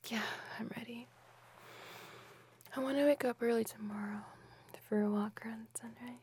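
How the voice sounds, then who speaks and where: Woman, whispered role-play, affectionate, slow, fairly high. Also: fairly even intonation, a little hiss or hum. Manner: soft and affectionate. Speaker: ASMR role-play partner.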